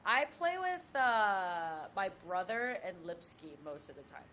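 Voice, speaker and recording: A woman, a professional golfer, telling a story as a guest in a casual chat with lively asides. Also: mid-range voice, a little slow, slight background noise.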